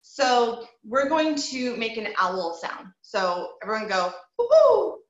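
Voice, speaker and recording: A woman's voice: on the high side, lively intonation, slow, a bit bright. A woman teaching an online group voice lesson, encouraging her students and demonstrating sounds as she explains. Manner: encouraging, demonstrative, models owl hoots and bird sounds. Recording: echoey, dull lo-fi call audio.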